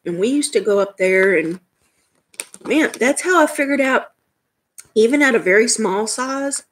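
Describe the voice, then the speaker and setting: A woman's voice: fairly high pitch, lively intonation, unhurried, a bit bright, a little hiss or hum, poor audio. A woman with a Southern US accent chatting casually with her live-stream chat at home, laughing often. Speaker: vlogger reading live chat. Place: home room.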